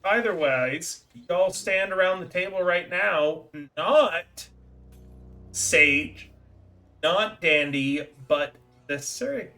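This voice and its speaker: A man's voice: high voice, soft background music. A man running a tabletop game on stream, teasing his players and laughing easily. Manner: teasing, animated, quick to laugh.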